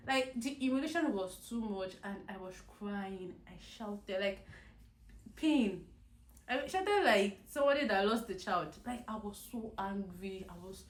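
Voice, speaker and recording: A young woman with a mid-range voice gives an emotional personal testimony to her viewers. She drops low and quiet, then bursts out loud and animated, restarting and repeating words as she goes. The room has a noticeable echo. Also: moderate pace. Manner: animated, swings from quiet to loud exclamations, laughs through pain. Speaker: vlogger telling her story. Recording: echoey room.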